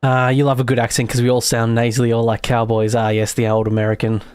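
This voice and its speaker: Speaking fast with a completely flat delivery, a man with a mild Australian accent chats casually on a game livestream as he builds. His medium-pitched voice has a darkish tone, there's a little hiss or hum, and he rambles, laughs easily and leaves sentences unfinished.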